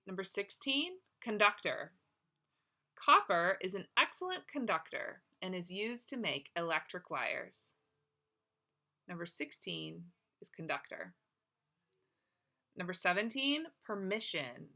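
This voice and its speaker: A woman teacher dictating a spelling test, saying each word, using it in a sentence, then repeating it deliberately. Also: lowish voice, very animated, pushed and bright. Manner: affectionate toward students.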